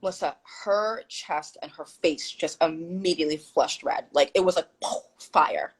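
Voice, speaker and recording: Woman guest on a video call telling a story, husky lower voice, acts out the lines people said. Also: moderate pace, poor audio. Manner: animated, acts out quoted dialogue. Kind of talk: casual storytelling on a live chat.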